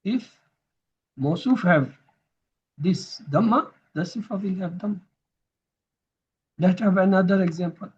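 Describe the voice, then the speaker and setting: A man's voice: high voice, measured pace, long pauses, darkish tone, slightly rough, dull audio. A man teaching grammar in a recorded lesson, patiently repeating each term so students can drill it.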